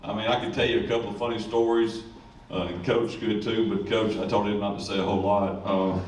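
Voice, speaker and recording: A high school coach gives a folksy, rambling speech full of jokes in a lowish voice. He is picked up from a distance in an echoey room. Faint noise hums underneath. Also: fairly even intonation, brisk, a little mellow. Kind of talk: ceremony speech.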